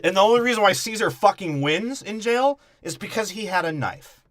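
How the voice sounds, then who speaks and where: A man's voice: high voice, expressive, brisk, a bit bright, no room sound, clean studio sound. A man co-hosting a podcast, riffing through a movie breakdown in crude, profane, joking banter. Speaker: podcast co-host.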